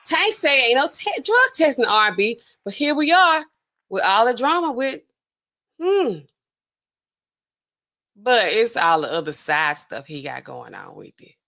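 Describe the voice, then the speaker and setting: A woman's voice: a little high, big pitch swings, unhurried, gravelly, pauses often, pushed and bright. A woman hosting a live stream in a loose, slangy, rambling chat, laughing often and talking straight to her viewers.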